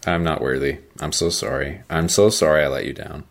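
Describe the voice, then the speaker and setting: A man's voice: rumbling low, a little fast, gravelly. A young man co-hosting a casual chat, rambling with many fillers and dry jokes. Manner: rambling, filler-heavy, joking. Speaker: podcast co-host.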